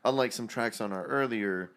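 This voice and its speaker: A young man co-hosting a podcast in casual chat, laid-back and halting, often trailing off. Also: mid-range voice, over a noisy crowd. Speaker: podcast co-host and band member.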